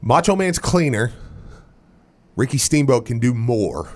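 A man co-hosting a sports radio show, chiming in with quick, playful comments. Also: mid-range voice, very animated, a little mellow. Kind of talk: casual sports radio banter.

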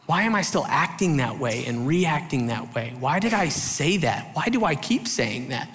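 Male pastor, bright and fairly high voice, preaching a candid personal story in a sermon. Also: very animated, moderate pace, long reverb tail, a little hiss or hum. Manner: candid storytelling with acted quotes; loose, filler-heavy talk.

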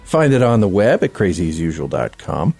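A man hosting a radio talk show, lively and folksy, chatting with his guest and the listeners. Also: on the low side, a little fast, vocal fry, soft background music. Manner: lively, folksy, talks up the audience. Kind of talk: casual radio interview.

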